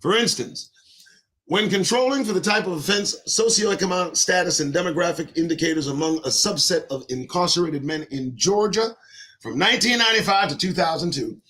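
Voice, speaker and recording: A middle-aged man reads a report aloud in a high, bright voice that swings widely in pitch. He breaks off into emphatic asides, repeating his points and pressing his listeners with pointed questions. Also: lively intonation, brisk. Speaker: host reading and commenting on a report. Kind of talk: reading aloud with fiery commentary.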